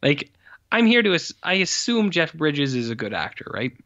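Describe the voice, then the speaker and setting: A man's voice: on the high side, sing-song, normal speed, sharp tone. Guy ripping on a movie, swears a lot, kinda dull lo-fi audio. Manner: blunt, scornful, swears a lot. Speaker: podcast co-host. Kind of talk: casual film review chat.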